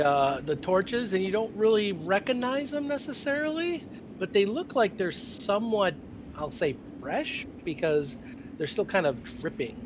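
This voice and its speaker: A man runs a tabletop game, painting scenes in loose, filler-laced narration. His voice sits somewhat high, and the recording is dull and carries a clear hiss of noise. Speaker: game master.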